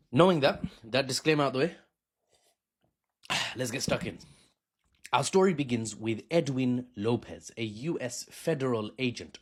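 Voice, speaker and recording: Young male storyteller-host, casual and jokey, wildly swooping delivery. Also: medium pitch. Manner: joking, lively, laughs at own asides, puts on silly accents.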